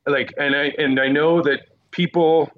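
A man who works as a news correspondent, telling animated stories from the field in a casual podcast interview. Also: fairly high pitch, phone-quality sound, a little hiss or hum. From Quebec Eastern Townships, Canada. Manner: animated anecdotes, quick asides.

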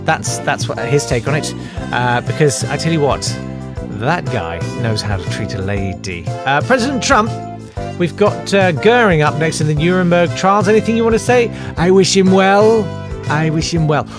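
A man hosting a satirical comedy monologue, sarcastic and mock-indignant, who sometimes breaks into shouted riffs. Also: on the high side, big pitch swings, moderate pace, over music. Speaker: comedian host.

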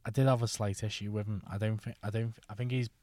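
Bloke chatting about films, low warm voice, mumbles and trails off. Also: male voice, steady tone, fast talker, no echo. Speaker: film podcast co-host. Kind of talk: casual film review chat.

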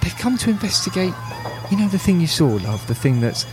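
A man voicing a warm, rambling mother in a tabletop game, speaking higher than his own voice. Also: sing-song, brisk, music in the background. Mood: reassuring. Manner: rambling, soothing. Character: fussy, warm local mum.

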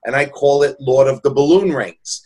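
A man's voice: mid-range voice, moderate pace, a little mellow, slightly rough. A man, a balloon artist telling heartfelt, rambling stories in a jokey, casual way. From New York, USA. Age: 60s. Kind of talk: casual storytelling.

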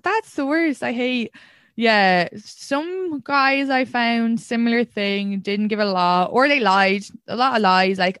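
A woman's voice: on the high side, animated, moderate pace, a bit bright, smooth, no echo. A young woman hosting a podcast, chatting casually, swearing freely and laughing often. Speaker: podcast host. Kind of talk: casual chat.

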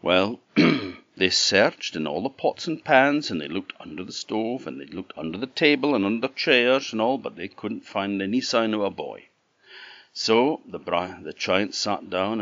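A man from the Orkney Islands, telling a traditional fairy tale in an animated, conversational way with asides to the listener, on a dull, dry lo-fi recording. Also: low voice, dry recording. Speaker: storyteller. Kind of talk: traditional oral storytelling.

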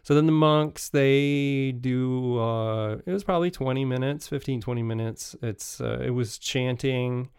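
A man casually telling travel stories as a podcast host, halting and restarting often, with frequent chuckles. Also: medium pitch, a little mellow, clean tone, no echo, studio quality.

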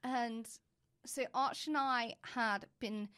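A young woman, co-hosting a podcast, telling a story in a lively way and swearing freely. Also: on the high side, slow, clear, resonant tone. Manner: animated storyteller, swears freely, acts out voices. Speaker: podcast co-host. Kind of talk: casual chat.

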